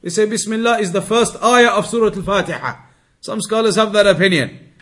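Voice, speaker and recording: A man explaining a hadith text as a teacher, methodical and repetitive, reading Arabic passages quickly. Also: high voice, a bit bright. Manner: methodical, repeats key points, reads Arabic passages quickly. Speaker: Islamic teacher.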